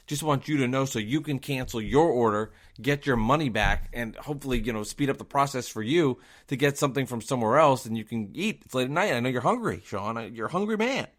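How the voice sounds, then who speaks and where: A man telling a story on his own podcast in a worked-up monologue. His voice sits in an ordinary middle range. He fires off rhetorical questions and swings from loud outbursts to quiet, muttered asides. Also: medium pitch. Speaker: podcast host and delivery driver.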